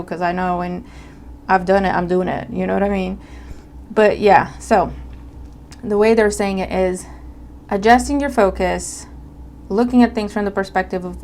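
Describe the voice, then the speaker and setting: Woman doing a relaxed tarot reading to camera, conversational, medium pitch, faint noise underneath. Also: moderate pace. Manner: conversational, checks in with listeners often. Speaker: tarot reader.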